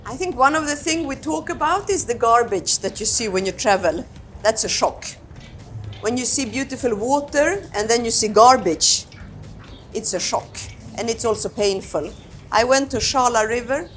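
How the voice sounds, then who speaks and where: A woman's voice: on the high side, animated, a little hiss or hum. Reflective woman diplomat. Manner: reflective, unhurried, repeats words, light laughs. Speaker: ambassador. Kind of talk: candid conversational interview answers.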